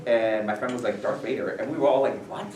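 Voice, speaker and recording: A man visiting a school as an author, answering questions in a rambling, animated way full of fillers. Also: mid-range voice, fast, a little hiss or hum. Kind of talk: casual Q&A talk. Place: school room, audience present. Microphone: distant from the recorder. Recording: echoey room, voice heard from far off.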